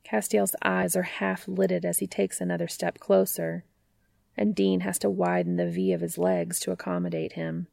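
Gravelly woman reading fan fiction. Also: on the low side, flat delivery, moderate pace, mellow, dry recording, studio quality. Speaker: narrator.

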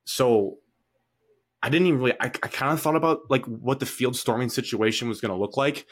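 A young man co-hosting a sports podcast, telling an animated story in casual chat, full of fillers. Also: medium pitch, brisk. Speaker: podcast co-host.

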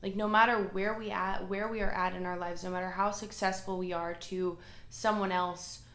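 A woman hosts her solo podcast from a room at home, her voice carrying a roomy echo. She talks in a casual, candid way, full of fillers and open about her self-doubt and emotions. Her pitch sits in an everyday middle range. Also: little pitch movement, normal speed, fairly bright tone. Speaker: podcast host.

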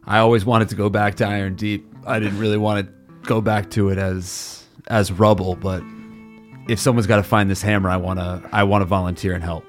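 A man's voice: fairly low pitch, little pitch movement, brisk, faint music behind. A man playing a dwarf character in a tabletop game, earnest and laughing easily. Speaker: player.

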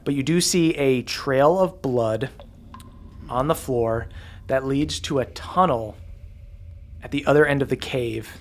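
A game master narrating a tabletop game scene with relaxed description and frequent fillers. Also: medium pitch, unhurried, pauses often.

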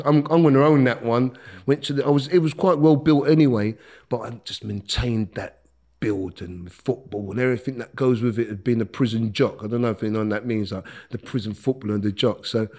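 A middle-aged man, telling stories as a podcast guest in a casual, animated way, acting out quotes and laughing as he talks. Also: medium pitch, fairly quick. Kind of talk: casual storytelling.

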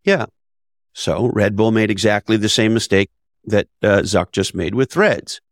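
Fairly low in pitch and unhurried, this male voice comes through in a dry, studio-quality recording. The speaker is a podcast guest, an author and business advisor, talking bluntly and emphatically in a conversational interview full of rhetorical questions and casual swearing.

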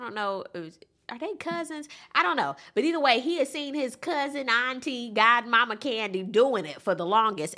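A woman's voice: fairly high pitch, bright, forceful tone. A woman giving a casual, sassy recap of a reality show, talking emphatically and throwing in chatty asides to the viewer.

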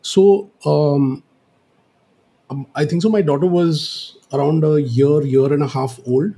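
Male co-host, deep husky voice, halting delivery full of ums. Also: steady tone, dark tone. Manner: hesitant, many "uh"s and "um"s. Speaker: podcast co-host. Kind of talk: casual podcast chat.

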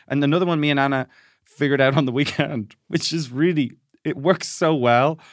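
A man's voice: a little high, normal speed, no echo, clean studio sound. An Irish man co-hosting a comedy podcast, telling stories in casual chat and acting out the other people's lines. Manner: animated storyteller acting out voices. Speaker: podcast co-host.

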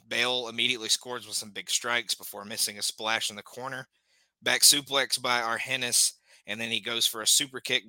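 A man hosts a laid-back podcast, walking through each match in a bright, crisp voice that sits a little low. He talks loosely, with fillers between beats, recorded dry and close. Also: dry recording, rough recording. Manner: relaxed, recaps matches play by play with many fillers. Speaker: podcast host. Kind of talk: casual podcast chat and match recap.

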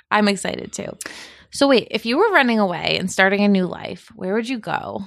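Woman podcast co-host, breezy and animated, mid pitch, dry studio sound. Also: moderate pace, creaky, no room sound. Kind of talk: casual chat.

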